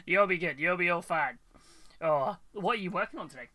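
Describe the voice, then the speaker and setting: A British man with a high-sitting, sharp voice hosts a hobby live stream from his hobby room at home. He chats casually, greets viewers by name, and laughs often.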